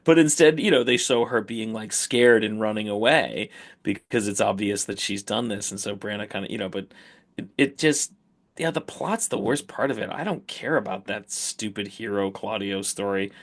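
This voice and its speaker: A man's voice: lowish voice, normal speed. A man co-hosting a podcast who argues his opinions emphatically in casual discussion. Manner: opinionated, emphatic, with repeated words. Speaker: podcast co-host.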